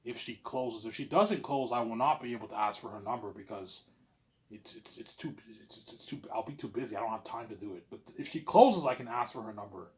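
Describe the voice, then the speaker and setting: A man vlogging in a rambling, repetitive monologue, boastful and swinging between loud bursts and low mumbles. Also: a little fast. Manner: repetitive, boastful, keeps saying obviously.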